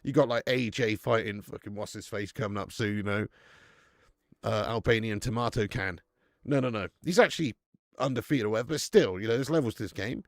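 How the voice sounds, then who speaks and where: A man's voice: lowish voice, fairly quick, no echo, clean studio sound. A man hosting a live football watch-along, chatting casually, swearing freely, reading out viewer names and laughing between lines.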